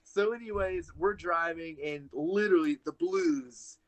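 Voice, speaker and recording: A man's voice: high-pitched, lively intonation, a little slow, gravelly. A young man, a wrestler guest, chatting casually on a podcast and telling a rambling story full of "like"s.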